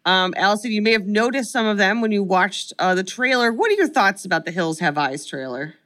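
A woman co-hosting a podcast in casual chat, cracking wry, deadpan jokes. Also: medium pitch, fairly quick. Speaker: podcast co-host.

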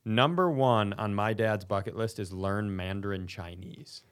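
A man in his thirties co-hosting a comedy podcast, telling stories about his family in a wry, deadpan way. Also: lowish voice, a little slow, clean tone. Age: 30s. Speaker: podcast co-host. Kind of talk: casual comedic chat.

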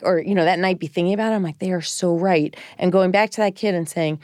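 A woman's voice: fairly low pitch, quick pace, few pauses, no echo, clean studio sound. A middle-aged woman co-hosting a podcast, chatting casually and acting out quotes as she tells parenting stories. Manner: animated storytelling, acts out quotes. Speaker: podcast co-host. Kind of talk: casual chat.

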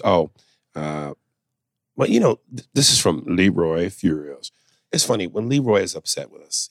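A man's voice: low-pitched, gravelly, fairly bright tone, breathy edge, no echo, studio quality. A man co-hosting a podcast in casual, joking chat, swearing freely. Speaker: podcast co-host.

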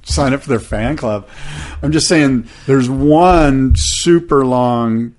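A man's voice: mid-range voice, slow. A man co-hosting a casual podcast, with a medium voice and a loose, rambling way of telling a story. He slips into other voices when he quotes people. His talk is easygoing and conversational. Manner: rambling storyteller, animated quoting. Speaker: podcast co-host. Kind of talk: casual chat.

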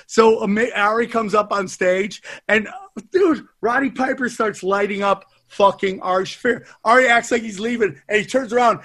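A man with a high, bright voice hosts a podcast in loose, profane chat. He tells stories loudly and with a lot of animation. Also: normal speed. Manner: loud, profane, animated storytelling. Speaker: podcast host. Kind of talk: casual podcast chat and host-read ad.

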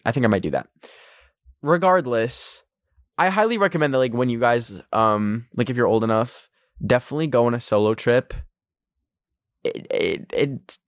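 A man's voice: mid-range voice, no echo, clean studio sound. A young man hosting a casual solo podcast, anxious and rambling, full of filler words. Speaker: podcast host.

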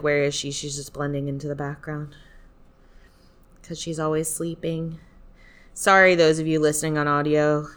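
A woman co-hosting a live stream from home, chatting easily to her audience to fill time. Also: deep voice. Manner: easygoing filler talk to the audience. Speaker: podcast co-host. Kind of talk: casual live-stream chat.

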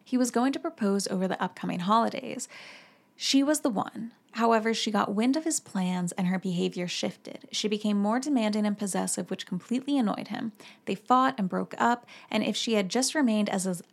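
A young woman hosting a podcast in casual chat. Her voice is sore and slightly hoarse, and she talks in a chatty way full of fillers. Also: medium pitch, a little fast. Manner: chatty, filler-heavy, with many "like"s. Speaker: podcast host.

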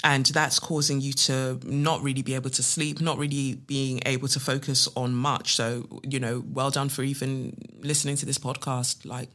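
Bright, chatty woman hosting a podcast. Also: a bass voice, normal speed, hardly any pauses. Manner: chatty, playful and animated, with spiritual asides. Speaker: podcast host. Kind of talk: casual podcast monologue with tarot reading. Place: living room at home.

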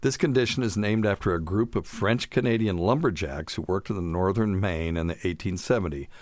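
Middle-aged guy doctor on a podcast, lowish voice, dry close sound, joking around while reading notes. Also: fairly quick, a little mellow, dry recording. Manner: chatty, jokey, reads from notes. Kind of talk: casual medical podcast chat.

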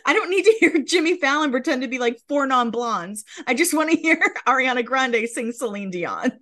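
A woman's voice: high voice, lively intonation, normal speed, a bit bright. A woman co-hosting a pop-culture podcast, chatting in a gossipy way with many fillers. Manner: chatty, gossipy, says "like" a lot. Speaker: podcast co-host. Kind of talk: casual pop-culture chat.

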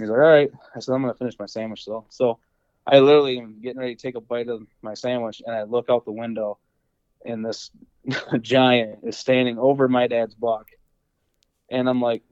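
On a podcast, a young guest who hunts deer tells a meandering hunting tale, loaded with filler words and quotes he acts out. His medium-pitched voice leans darkish. There's no echo, but the recording quality is low.

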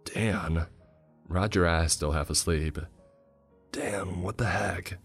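A man's voice: low-pitched, slow pace, faint music behind, exaggerated voice. A man voicing a groggy, grumbling neighbor woken late at night in a scripted horror story. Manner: gruff, half-asleep grumbling. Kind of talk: scripted narration.

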